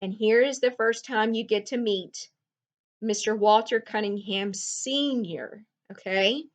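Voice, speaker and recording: A woman's voice: mid-range voice, a little slow. A woman teacher explaining a novel to her students, conversational and full of fillers and small restarts. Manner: conversational, recaps with frequent fillers.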